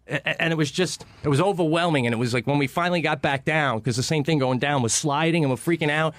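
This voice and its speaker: A man telling a story on a talk radio show, fast and animated with lots of swearing, in a radio studio. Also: fairly high pitch, no room sound. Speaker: guest comedian.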